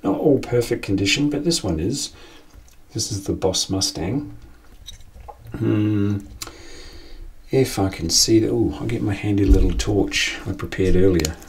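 A man's voice: lowish voice, measured pace. A man, hosting a casual collecting vlog as an enthusiastic, chatty storyteller. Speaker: collector and channel host. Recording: distant from the mic.

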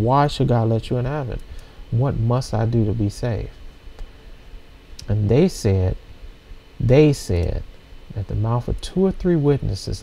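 A man preaching at an informal scripture study, reading verses aloud and explaining them slowly in short phrases, with frequent rhetorical questions. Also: mid-range voice, creaky, mellow, rough recording.

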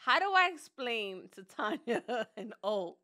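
On a podcast, a female co-host spins a dramatic tale in a fairly high voice that swings widely in pitch and sounds pushed and bright. Unhurried, she acts out others' voices and laughs throughout the animated storytelling.

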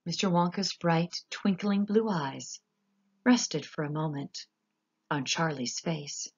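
A woman narrating a children's story with an expressive, animated reading. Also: sits low, slow pace, slightly rough, muffled recording. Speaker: audiobook narrator.

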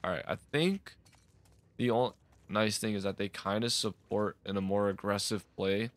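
A man's voice: on the low side, steady tone, moderate pace, no echo. A man giving casual commentary while playing a game, jumpy and exasperated, often swearing and laughing. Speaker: let's play gamer.

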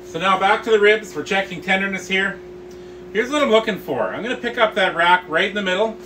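A man's voice: high voice, lively intonation, fairly quick, background noise. A middle-aged man hosting a live cooking tutorial, explaining each step in a friendly way and calling his viewers guys. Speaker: barbecue instructor and host.

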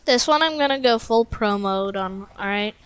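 A woman hosting casual gameplay commentary at a home computer mic, excitable, shrieking and joking while she plays. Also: mid-range voice, moderate pace, soft background music. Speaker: gaming channel host.

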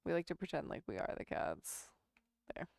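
A woman's voice: sits low, sing-song, normal speed, creaky, darkish tone, no room sound, studio quality. A woman chatting casually at home as she works on a sewing pattern and coos baby talk to her cat. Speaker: sewing vlogger. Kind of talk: casual chat while sewing.

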